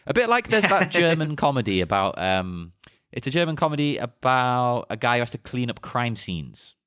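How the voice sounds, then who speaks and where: A man's voice: mid-range voice, sing-song, normal speed, fairly bright tone, clean tone, no room sound, clean studio sound. A man co-hosting a podcast, chatting casually and telling stories with short laughs. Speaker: podcast co-host. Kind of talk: casual chat.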